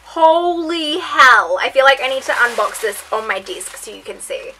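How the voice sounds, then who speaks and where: A young woman talking into a camera mic in her bedroom, gasping and gushing over each item. Her voice is bright and fairly high, with a faint hiss behind it. She fills the vlog with repeated excited exclamations. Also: brisk, rough recording. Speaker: beauty vlogger.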